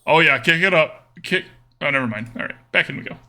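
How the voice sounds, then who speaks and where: A young man from Texas streams a card game live, talking it through in a playful, joking way. His voice is very bright and cutting, set a little high for a man, and he breaks into loud cheers when plays go his way. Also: expressive, fairly quick. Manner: playful, jokey, bursts into cheering.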